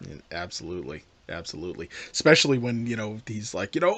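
A man co-hosting a casual talk show, rambling and animated as he discusses a film. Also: fairly high pitch, brisk, few pauses, dry recording. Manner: animated, rambling with restarts and playful impressions. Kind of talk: casual chat about a film.

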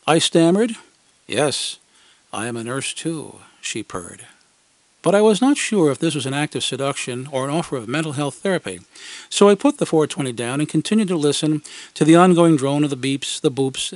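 A man's voice: mid-range voice, dry recording. A man reads a wry, scripted first-person story for an amateur radio program. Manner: wry, dry humor, acted quotes. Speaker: radio segment commentator.

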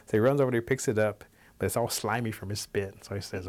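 Low-voiced man telling a folk tale. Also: quick pace, a little mellow. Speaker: storyteller. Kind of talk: oral folk storytelling.

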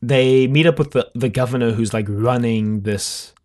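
A man's voice: medium pitch, moderate pace, darkish tone. A man co-hosting a podcast, talking casually and thinking aloud with many fillers and restarts. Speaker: podcast co-host.

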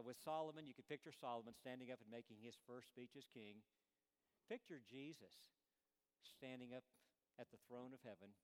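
Preacher, male, mid-range voice, dynamic sermon delivery with a long hall tail. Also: mid-range voice. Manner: dynamic, swings between emphatic peaks and hushed quoted lines.

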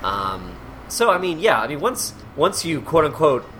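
Animated, laughing improv performer. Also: mid-range voice, measured pace, slight background noise. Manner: animated storyteller, acts out quoted people, laughs often. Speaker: guest, cruise ship improv performer. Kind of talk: casual podcast chat.

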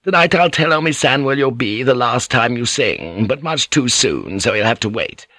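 A man's voice: medium pitch, animated, moderate pace, pushed and bright, no room sound, studio quality. A man doing a shrewd scheming madam. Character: shrewd scheming middle-aged female brothel madam.

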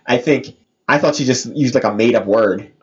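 A man's voice: mid-range voice, normal speed. A man co-hosting a podcast in casual chat, joking and rambling with lots of filler words. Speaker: podcast co-host. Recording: dull lo-fi podcast audio.

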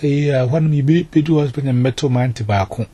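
A man tells his testimony at an easy, rambling pace. He repeats words and slips English into his speech at a mid pitch. Faint ambient noise hums behind him. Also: quick pace, mellow. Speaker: testimony giver. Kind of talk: spoken personal testimony.

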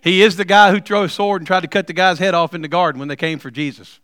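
A middle-aged man preaching a sermon, telling stories with humor and building to loud, emphatic points. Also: sits high, fairly even intonation, quick pace, clear, resonant tone, no room sound, clean studio sound. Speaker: pastor.

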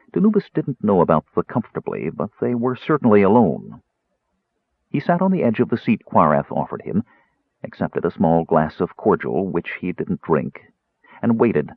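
A man reads fantasy fiction aloud in a low, husky voice with a lively, animated delivery. The sound is dry and tinny, like audio heard through a phone. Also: dry recording. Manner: expressive, voices characters. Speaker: audiobook narrator. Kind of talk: scripted fantasy narration.

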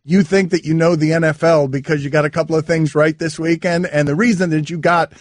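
A man hosting a sports radio show, talking casually in an animated, mock-exasperated way from a studio. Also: a little high, fairly quick, dry recording. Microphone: studio mic.

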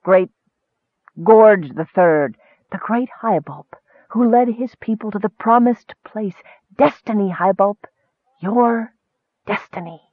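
Coaxing dream-voice whisper, slow and hushed, read by a man; narrow, dry recording. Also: sits high, dry recording, full character voice. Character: soft, whispering dream voice, seductive.

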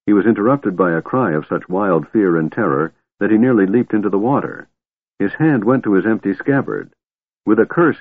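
A man narrating an audiobook in expressive storytelling style, on a tinny, phone-like recording. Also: deep voice, husky, dry recording. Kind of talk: scripted narration.

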